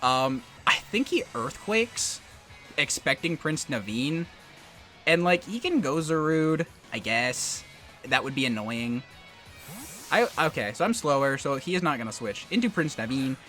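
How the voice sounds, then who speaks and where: A man's voice: medium pitch, very animated, unhurried, bright, forceful tone, faint music behind. A young man giving live commentary on his own competitive game match, trash-talking his opponent between bits of strategy. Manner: musing strategy talk under his breath.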